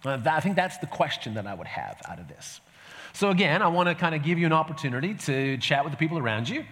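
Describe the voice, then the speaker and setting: A pastor gives a conversational teaching talk to a church group, often asking the audience "right?" and using fillers and restarts. His voice is fairly high, sing-song and fairly bright, and he talks quickly. The sound is that of a reverberant hall.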